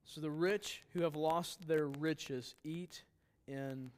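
A man preaching a verse-by-verse sermon in a chatty, relaxed way. His voice sits a little high, and he breaks off for quick jokes and questions to his listeners. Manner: conversational, joking asides, quizzes the congregation. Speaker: pastor. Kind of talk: sermon Bible teaching.

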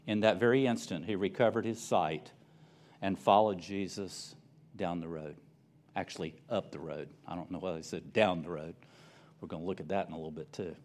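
A male pastor preaching a sermon, retelling the story with animated storytelling and repeated phrases. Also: sits low, moderate pace.

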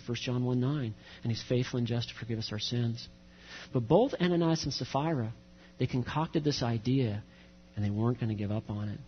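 A man's voice: medium pitch, husky. A middle-aged man preaching a sermon as pastor, earnest and direct, mixing scripture reading with personal stories. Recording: dull recording with long hall reverb.

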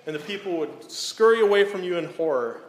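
A pastor preaching a sermon in an earnest way, often checking in with the listeners. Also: male voice, on the high side, animated, fairly quick. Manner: earnest, repeats "okay?" to check in. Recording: echoey hall, faint room noise.

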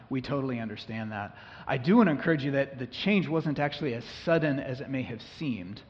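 A man speaks as a pastor to a small gathering in a church room, at an everyday middle pitch. His talk is loose and conversational, full of fillers. The sound is muffled and lo-fi, with a long echo from the hall. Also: a little fast. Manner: relaxed, conversational, with frequent fillers. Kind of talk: church meeting address and prayer. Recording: dull live-stream recording in a reverberant hall.

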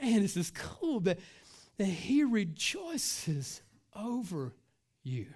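A middle-aged man preaches in a relaxed, street-casual way, peppering his lines with "man" and "listen." He sinks to near-hushed tones for weighty points, then swells louder and drags out the words he wants to land. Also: high-pitched, takes it slowly. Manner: swings between hushed and loud, stretching key words. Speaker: pastor. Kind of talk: sermon.

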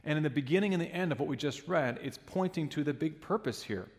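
A man's voice: fairly high pitch, fast, darkish tone, big-room sound. A man preaching a sermon in a church, earnest and emphatic, sometimes restarting a phrase.

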